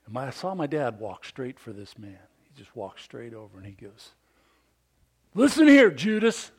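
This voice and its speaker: Middle-aged guy preaching, chatty storyteller, gets loud then drops to a near whisper. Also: lowish voice, moderate pace, breathy edge. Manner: swings from loud, emphatic bursts to hushed, near-whispered lines; conversational, with restarts and storytelling asides. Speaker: pastor. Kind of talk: sermon.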